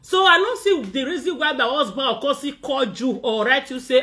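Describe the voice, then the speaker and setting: Woman, Nigerian Pidgin accent, bright and forceful tone, scolding rant, vlog monologue. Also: sits high, brisk, few pauses. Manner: scolding, animated, acts out others' words. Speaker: vlogger. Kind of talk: ranting monologue to camera.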